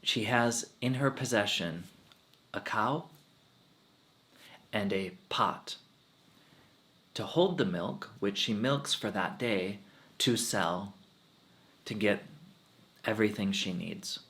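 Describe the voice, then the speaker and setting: A man who is a monk and spiritual teacher, telling a story at a satsang in an animated, emotional way. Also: fairly low pitch, slow pace, pauses often.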